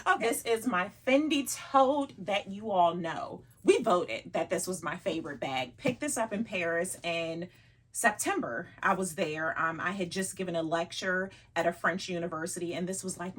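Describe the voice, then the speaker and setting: Chatty woman with a husky voice. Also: on the low side, expressive, normal speed. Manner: chatty, laughs often, teasing herself. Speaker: vlogger showing her luxury bags. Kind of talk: casual chatty vlog.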